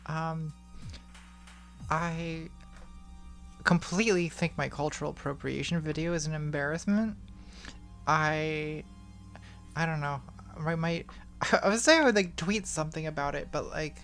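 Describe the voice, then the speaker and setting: A woman answering patron questions on a casual live stream in a candid, offhand way, reading questions aloud, speaking into a boom mic at home. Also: a little slow, long pauses, soft background music. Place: home room with smart lighting.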